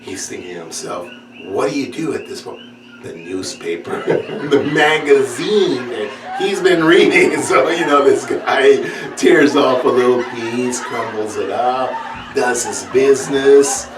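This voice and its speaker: A man telling a funny story from his childhood, laughing often and acting out the people in it with a high voice. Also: measured pace. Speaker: comedian. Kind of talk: sit-down comedy storytelling. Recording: roomy echo, distant mic, clear background noise.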